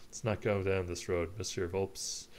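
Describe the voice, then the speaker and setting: Proud bird lawyer, as a man plays him, curt and dignified, with a plain low voice. He keeps his replies short and formal. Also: little pitch movement, unhurried, darkish tone, slight background noise.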